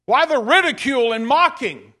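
A man's voice: extremely high pitch, expressive, normal speed, pushed and bright. A man preacher giving a dramatic sermon, reading scripture aloud and questioning his listeners.

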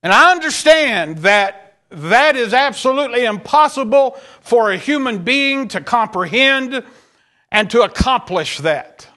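A man preaching a sermon, reading scripture aloud in King James wording and pressing his points with drawn-out emphasis. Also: very high-pitched, bright, forceful tone.

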